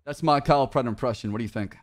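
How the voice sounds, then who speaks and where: A young man streaming game role-play, chatting excitedly and swearing often. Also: medium pitch, racing. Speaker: streamer playing a police officer. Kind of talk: casual role-play chat.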